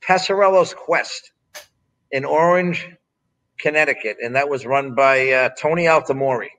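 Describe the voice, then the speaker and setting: A man's voice: medium pitch, moderate pace, fairly bright tone, rough recording. A man in his sixties, a former strongman and wrestler, telling blunt, profane, rambling stories in a casual interview. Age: 60s.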